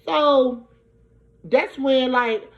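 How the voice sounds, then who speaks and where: A young woman from Brooklyn, telling a profane, animated storytime. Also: high voice, drawn-out words. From Brooklyn, New York. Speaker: vlogger. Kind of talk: storytime vlog. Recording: dull lo-fi recording.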